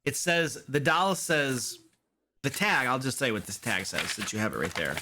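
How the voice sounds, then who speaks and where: Man, DM, casual and rambling narration with a lively pitch. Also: moderate pace, background noise. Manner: loose and rambling, lots of fillers. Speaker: dungeon master. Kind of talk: casual tabletop game narration.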